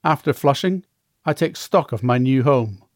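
A man narrating his own memoir in the first person, measured and plainspoken. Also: medium pitch, lively intonation, a little mellow, no room sound, studio quality.

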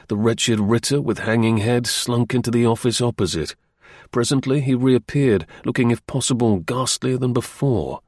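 A man narrating an audiobook in a steady, measured reading. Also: medium pitch, no room sound, clean studio sound.

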